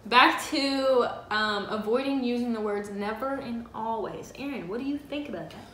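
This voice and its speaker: Casting: woman co-host, earnest, chatty relationship advice, slightly high voice. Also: moderate pace, crowd noise. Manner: earnest and chatty, with frequent fillers. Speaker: co-host of a couple's channel. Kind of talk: casual faith-based advice chat. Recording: roomy echo, faint background noise.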